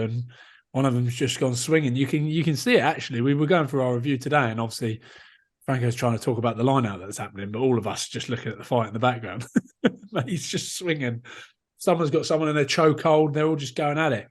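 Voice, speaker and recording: A man's voice: medium pitch, fairly quick. Joking man telling rugby stories. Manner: jokey, self-mocking storyteller. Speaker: podcast co-host, rugby player. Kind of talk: casual chat, anecdotes.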